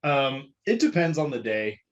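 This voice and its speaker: A man co-hosting a casual podcast, explaining things in a measured way with a lot of ums and restarts. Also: medium pitch, sing-song, muffled recording. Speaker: podcast co-host.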